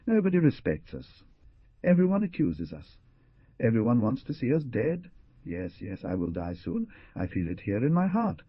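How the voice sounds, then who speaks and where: A man's voice: medium pitch, huge pitch swings, moderate pace, breathy edge, no echo, muffled recording. A man voicing Columba, a distressed young village bride, with an anxious, plaintive delivery in an audiobook reading.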